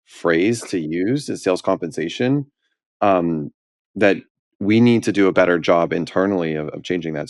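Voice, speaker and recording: A man with a very deep voice co-hosts a business podcast. He talks earnestly about his company, with pauses and restarts. The sound is dry and close. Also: no echo. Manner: earnest, many fillers and restarts. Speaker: podcast co-host, company leader. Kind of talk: casual podcast chat.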